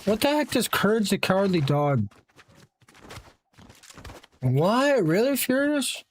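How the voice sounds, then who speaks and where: Young American man, high voice, excitable game streamer, faint hiss. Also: slow. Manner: excitable, chants sound effects while playing. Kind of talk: live game streaming with chat.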